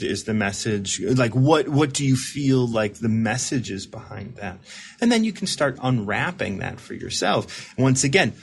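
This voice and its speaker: Male recovery mentor, husky, conversational, reflective, stumbles and repeats as he explains. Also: medium pitch. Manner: repeats and restarts words while explaining. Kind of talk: casual reflective talk with a caller.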